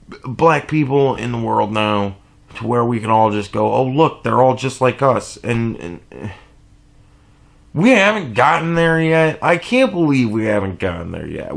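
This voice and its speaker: Gravelly, profane man ranting. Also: mid-range voice. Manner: animated, profane, rambling with restarts. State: sleep deprived. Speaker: commentary vlogger. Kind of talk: casual reaction commentary.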